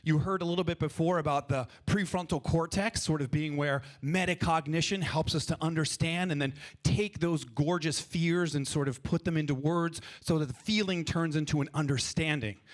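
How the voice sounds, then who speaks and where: A man with a fairly high voice leads a live improv workshop from a conference stage, speaking into a handheld microphone. He is energetic and playful, coaxing the crowd to join in. An audience can be heard around him. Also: normal speed, hardly any pauses. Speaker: improv performer and workshop leader. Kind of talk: live freestyle rap and workshop talk to an audience. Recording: live event with audience noise.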